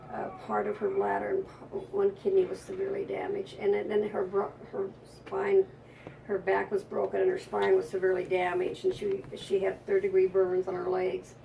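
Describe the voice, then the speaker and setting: A woman psychic speaks in a gravelly voice, telling a story in an emotional, rambling way and doubling back on herself. She sits a bit away from the mic, and faint ambient noise runs under the recording. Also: medium pitch, warm tone, distant mic, poor audio. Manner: emotional, rambling, frequent restarts. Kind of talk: conversational storytelling interview.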